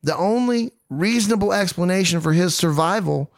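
High-pitched and lively in intonation, this podcast host in his thirties talks at a moderate pace on a dry, clean studio recording. He recounts a true-crime story with jokey, self-mocking humor, putting on goofy voices for quotes.

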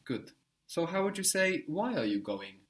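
A man's voice: on the high side, very animated, normal speed. A man teaching a spoken language lesson, patiently explaining step by step and prompting his learner.

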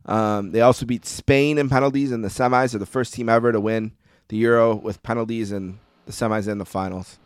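A man in his forties, co-hosting a podcast, telling a personal story in a relaxed, reflective way. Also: mid-range voice, fairly quick, clear, resonant tone, no echo, clean studio sound. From United States. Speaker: podcast co-host. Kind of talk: casual podcast chat.

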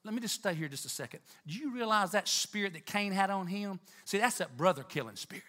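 A man preaching a sermon in church, talking to the congregation with emphatic, animated delivery and Southern turns of phrase. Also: sits high, quick pace. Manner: animated, emphatic, rising to near-shouts.

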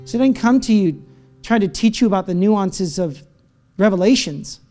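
High-voiced male pastor preaching passionately. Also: expressive, normal speed, warm tone. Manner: swings from low teaching tone to high impassioned cries. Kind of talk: sermon. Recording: faint guitar music behind.

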